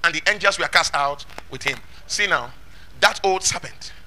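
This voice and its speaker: A man preaching a sermon, emphatic, asking rhetorical questions and shouting lines of scripture. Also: fairly high pitch, moderate pace, a little hiss or hum.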